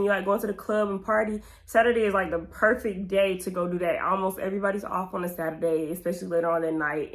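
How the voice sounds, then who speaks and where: A woman's voice: medium pitch, fairly bright tone. A young woman with a Georgia drawl talks casually to her viewers, answering questions one by one. Her voice sits in a middle range. She rambles and wanders off on side thoughts as she goes. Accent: Southern US (Georgia). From Georgia, USA. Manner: chatty and rambling, drifts off on tangents. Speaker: YouTuber. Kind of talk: casual Q&A vlog.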